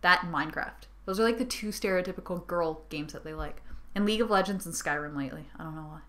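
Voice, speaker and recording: In her bedroom, a young vlogger rants casually to her camera in a lowish, slightly bright voice, talking fast. She rambles, giggles, and throws in sarcastic asides, worn out after a sleepless night.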